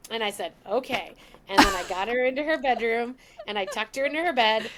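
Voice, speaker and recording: A woman's voice: fairly high pitch, brisk, slight background noise. A woman as a podcast guest, telling an emotional personal story and acting out the lines of the people in it. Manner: emotional, animated, acts out quoted lines.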